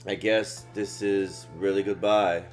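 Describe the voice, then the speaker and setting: A man reading game dialogue as a gentle, self-sacrificing male protector, speaking low, quiet and tender. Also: level tone, slow, faint music behind. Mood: tender farewell.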